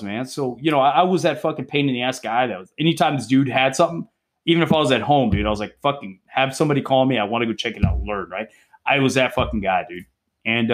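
Podcast guest: a middle-pitched cop in his forties, excitable, cursing through his war stories. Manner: profane, excitable, peppers talk with "bro" and "dude". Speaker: guest, police drug interdiction officer. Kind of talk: casual storytelling chat.

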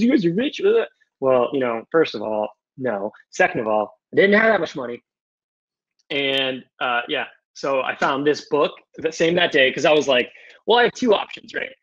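A young man answering audience questions casually on a video call, loose and animated, with some swearing. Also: mid-range voice. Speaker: guest speaker. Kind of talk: casual Q&A on a webinar. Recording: muffled lo-fi video call audio.

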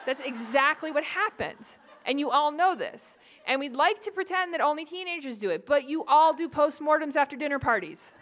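This is a fairly high-voiced woman from the Boston area, lecturing on adolescent psychology. She jokes easily and teases the audience directly, with plenty of "um" between points. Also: moderate pace, hardly any pauses. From New England, Boston area. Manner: lively, joking, addresses the audience directly. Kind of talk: public lecture to adults.

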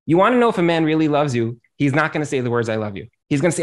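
A man's voice: a little high, expressive, rapid-fire. A man, a rabbi and accountant, giving earnest marriage advice on a talk show and often repeating his phrases.

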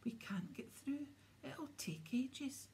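A woman's voice: high-pitched, slow pace, warm tone, whispered, pitched above the performer's own voice, heavily acted. Woman voicing a scared young wizard boy, Ron. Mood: urgent. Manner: hoarse, shaky and urgent.

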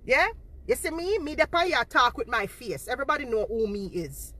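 A woman's voice: fairly high pitch, big pitch swings, fairly quick, sharp tone. A woman, confronting her viewers on a livestream and repeating herself for emphasis, talking into a phone held in front of her face. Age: 40s.

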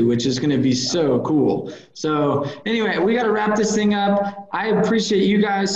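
Upbeat host in an echoey room. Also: male voice, high-pitched, a little mellow, muffled recording. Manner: upbeat, promotional wrap-up. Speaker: podcast host. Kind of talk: casual podcast talk. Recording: echoey room, mic at a distance.

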